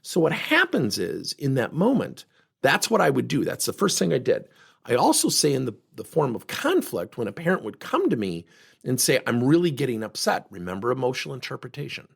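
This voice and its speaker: A middle-aged man giving a motivational talk as a former coach, telling stories in an animated way and acting out the people in them. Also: mid-range voice, fairly quick, creaky, husky. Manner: animated storytelling, acting out quotes.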